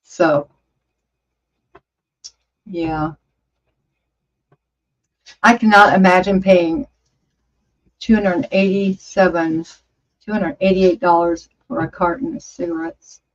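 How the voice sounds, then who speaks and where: Slow, chatty woman over fifty. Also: on the low side, animated. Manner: rambling, chatty, exclaims often. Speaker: livestream host. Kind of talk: casual chat reading viewer comments. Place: home studio. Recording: dull lo-fi stream audio.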